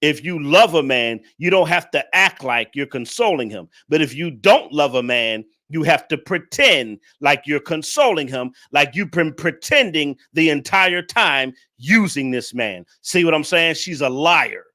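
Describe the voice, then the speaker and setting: Bright-voiced man lecturing his audience. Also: on the high side, animated, unhurried, hardly any pauses. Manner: preachy, lecturing, repeats points; addresses the audience directly. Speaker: commentary host. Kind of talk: reaction commentary on a clip.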